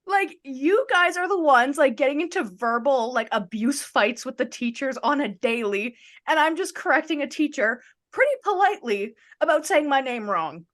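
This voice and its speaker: A woman's voice: high-pitched, expressive, normal speed, hardly any pauses, fairly bright tone. A woman co-hosting a casual podcast, telling stories and acting out the lines people said to her. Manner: chatty storytelling, acts out quoted lines. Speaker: podcast co-host. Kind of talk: casual chat.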